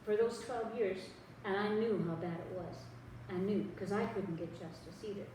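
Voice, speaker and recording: A woman preaching a sermon, telling stories lively and acting out the voices of the people in them. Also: mid-range voice, moderate pace, background noise. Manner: animated storytelling, acting out voices in dialogue. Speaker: pastor. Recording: echoey room, mic at a distance.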